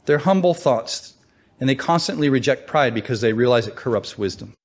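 A man's voice: medium pitch, expressive, a little fast. A man teaching from the Bible in a conversational way, asking rhetorical questions and reading scripture aloud.

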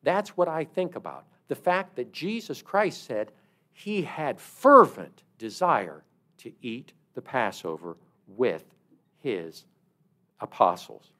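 Lively conversational male preacher. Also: medium pitch, slow. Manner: conversational storytelling with emphatic stresses. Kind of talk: sermon.

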